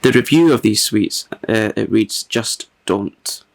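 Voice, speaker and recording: A man's voice: on the low side, expressive, takes it slowly, creaky. A man hosting his own channel, chatting casually and reading a funny review aloud, often breaking into giggles. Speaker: ASMR channel host.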